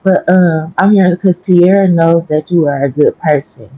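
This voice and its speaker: Casting note: low, husky-voiced woman, just awake, chatty and rambling, speaking softly on a lo-fi home stream. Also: normal speed, no room sound. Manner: rambling, chatty, keeping her voice down. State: just woke up. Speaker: livestreamer. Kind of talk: casual storytelling livestream. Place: home in the early morning. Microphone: headphones with mic.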